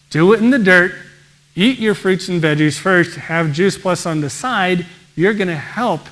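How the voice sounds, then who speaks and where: A man, a pediatrician, giving an energetic presentation and often exclaiming in wonder. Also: a little high. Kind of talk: enthusiastic presentation talk.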